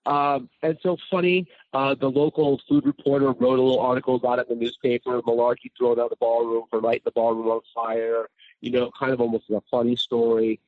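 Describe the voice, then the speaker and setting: A man talking casually as a guest chef, telling stories in a lively way and acting out quotes. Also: medium pitch, a little fast, dry recording, narrow, tinny audio. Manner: animated storyteller, acts out quotes. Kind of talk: casual chat.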